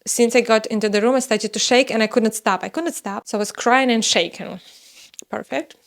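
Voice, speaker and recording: A young woman whose first language is Russian, telling a personal story in a casual, animated way, with sudden high exclamations. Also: fairly quick, vocal fry. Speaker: vlogger telling her birth story.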